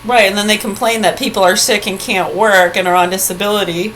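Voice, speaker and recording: A woman's voice: mid-range voice, steady tone, fairly quick, hardly any pauses, a bit bright, low-quality recording. A woman ranting angrily into her phone video, confrontational and profane. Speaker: vlogger. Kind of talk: angry direct-to-camera rant.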